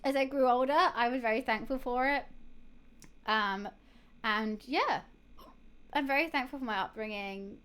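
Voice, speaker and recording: A woman's voice: on the high side, normal speed, pauses often, fairly bright tone, clear, resonant tone. A young woman, streaming live and chatting casually to her viewers while she has the hiccups, rambling with lots of fillers and restarts.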